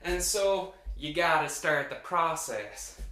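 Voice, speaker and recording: An enthusiastic man hosts a casual motivational vlog. He talks in an upbeat, animated way, with a fairly high voice. His voice rings in an echoey room. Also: slow pace. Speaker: vlogger.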